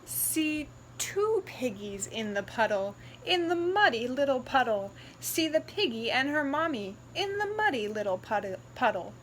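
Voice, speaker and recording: A woman reading a picture book aloud in a sing-song, expressive storytelling voice. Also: sits high, measured pace, few pauses, slight background noise, poor audio.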